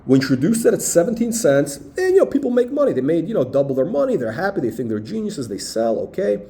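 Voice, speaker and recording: An emphatic man talks through stock charts in a lively, up-and-down delivery, his pitch jumping around. The voice sits somewhat high for a man but has a mellow, dark color. He drives his points home with repeated bursts of "boom" and "okay". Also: quick pace. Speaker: stock market commentator. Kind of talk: chart walkthrough video.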